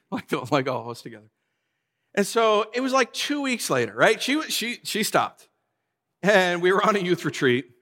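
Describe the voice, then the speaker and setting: A bright-voiced man in his thirties delivers a relaxed, story-driven sermon as pastor. He is animated and slips into acted voices as he tells stories. His voice rings out with a long reverb from a large hall. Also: on the high side.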